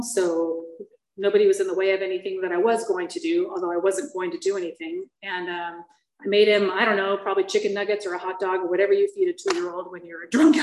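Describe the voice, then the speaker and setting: A middle-aged woman sharing her recovery story with an audience. She tells it candidly and with self-mocking humor, and she falters with fillers and restarts at the painful parts. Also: medium pitch. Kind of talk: personal testimony to a listening audience. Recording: echoey room.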